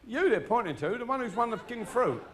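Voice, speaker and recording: A man's voice: very high voice, animated, fast, a bit bright, some chatter behind. A middle-aged man telling crude stories in a stand-up routine, swearing freely. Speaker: stand-up comedian. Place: live show before an audience.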